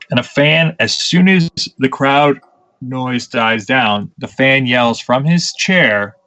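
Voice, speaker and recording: A man's voice: mid-range voice, a bit bright. A man, a pro wrestler, talking in casual podcast chat, blunt and profane, telling stories with irritation. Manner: blunt, profane, ranting storyteller.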